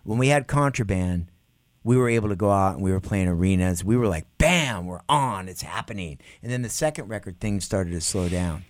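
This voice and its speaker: A man's voice: low voice, a little fast, no room sound. A middle-aged man, a musician guest, telling stories in a casual interview and acting out quotes with laughs. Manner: animated, acts out quotes with laughs.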